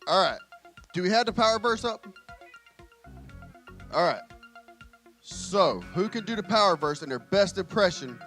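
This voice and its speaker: A man leading a children's church session in a large indoor room, calling out to the kids loudly and with energy on a handheld microphone. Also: sits high, animated, measured pace, pauses often, soft background music. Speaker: children's ministry leader.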